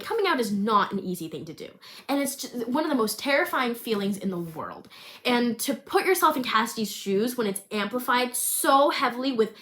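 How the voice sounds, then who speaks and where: A young woman with a bright, fairly high voice reads her screenplay draft, mixing casual chat with dramatic reading. She is emotional and expressive, swinging between hushed reading and excited chatter.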